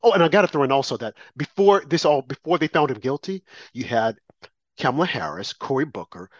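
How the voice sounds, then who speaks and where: A man's voice: medium pitch, lively intonation, brisk, no room sound. A man delivering an opinionated commentary monologue, emphatic and repetitive, with mocking asides. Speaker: political commentator. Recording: dry, slightly muffled lo-fi audio.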